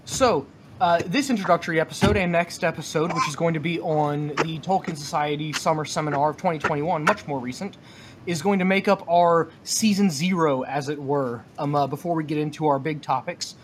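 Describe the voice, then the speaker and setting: A man co-hosting a casual podcast discussion, talking in a halting way with many fillers and restarts. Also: fairly high pitch, steady tone, slight background noise. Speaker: podcast co-host.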